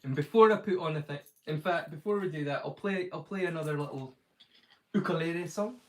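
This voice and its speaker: A man's voice: a little high, brisk, poor audio. A man hosting a live stream, chatting casually and rambling, with lots of "like" fillers and restarts. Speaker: streamer, host.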